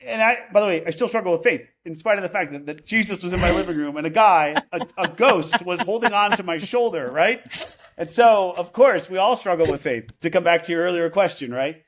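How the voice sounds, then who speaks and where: A man's voice: high voice, lively intonation, brisk. A man who is a podcast guest telling a personal story in casual conversation, rambling, restarting his sentences and often asking "right?".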